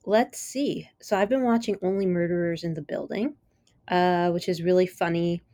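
A woman's voice: lowish voice, fairly even intonation, moderate pace, warm tone, dry recording, studio quality. A woman hosting her own podcast, chatting on her own in a rambling, enthusiastic way with lots of "like" and "you know.". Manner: enthusiastic, easily amused. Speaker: podcast host. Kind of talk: casual solo chat.

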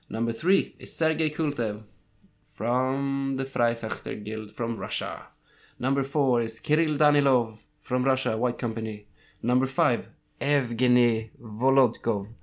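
A young man co-hosting a casual podcast, reading ranking lists and tripping over foreign names. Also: medium pitch. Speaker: podcast co-host.

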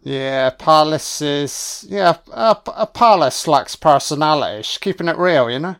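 A man reacts to a film on a first watch, swearing freely and cracking jokes at the characters. His voice sits a little high and comes through smooth and clear. He takes his time, with a slow, drawn-out delivery. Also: expressive, a bit bright. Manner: sweary, wisecracking, talks back at the screen. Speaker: film commentator. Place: home recording, voice only.

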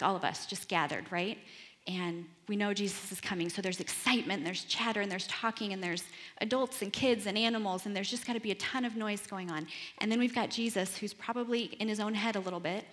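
A woman's voice: medium pitch, a bit bright, big-room sound. A woman giving a casual devotional Bible teaching, retelling the stories conversationally with chatty asides.

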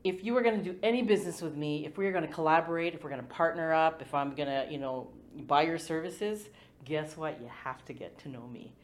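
Low-voiced woman hosting a podcast. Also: quick pace. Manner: chatty, rambling with many fillers. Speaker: podcast host. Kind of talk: casual interview chat.

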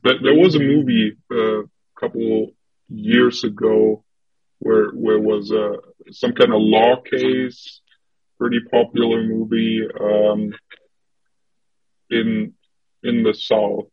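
A man chatting in English as a guest, slow and halting, with lots of "uh" and restarted sentences. His voice is low-pitched and a little husky, held on a flat, even line. The recording is dry and slightly muffled. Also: soft background music. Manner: hesitant, many fillers and restarts. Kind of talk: casual conversation.

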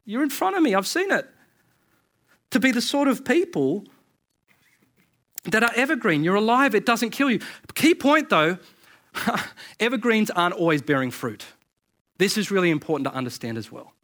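A man preaching a sermon as pastor, animated and repeating words as he builds to his points. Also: sits high, normal speed, long pauses. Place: church service.

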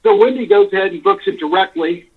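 A man's voice: sits high, lively intonation, fast. A man calling in by phone, telling a long, rambling complaint story, exasperated and swearing freely. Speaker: caller. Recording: tinny phone line.

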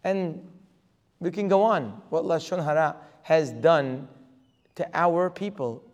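A Torah teacher delivers a religious lecture, emphatic and packed with rhetorical questions. His voice is a little high and slow, and the recording carries a hall's long reverb.

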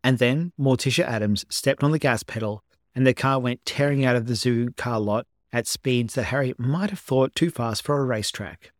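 A man narrates a story as an amateur audiobook reader. His delivery is steady and unhurried at a middling pitch. The recording is dry and close. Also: no room sound.

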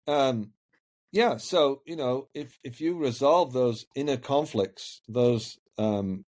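A man's voice: medium pitch, slow, darkish tone. Earnest man coaching in conversation. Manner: earnest, reflective, repeats words as he searches. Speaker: life coach guest. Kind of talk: podcast conversation.

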